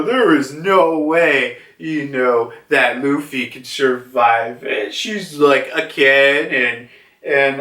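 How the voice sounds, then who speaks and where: A man's voice: on the high side, fairly bright tone. A man casually reviewing a comic chapter, rambling with lots of fillers and restarts. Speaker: manga reviewer. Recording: echoey room, far from mic.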